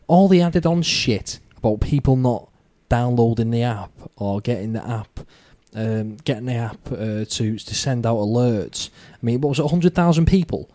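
A man hosting a casual podcast, swearing freely as he rambles through his views. His voice is mellow and dark, recorded dry and close with no room sound. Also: medium pitch, normal speed, hardly any pauses, no echo. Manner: sweary, rambling, animated opinions. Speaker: podcast host.

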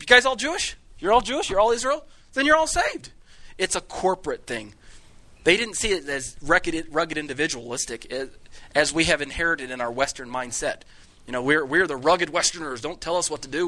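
Bright-voiced man teaching a Bible class. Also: on the high side, brisk. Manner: conversational, jokey, with many restarts. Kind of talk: classroom lecture. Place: room with a live class.

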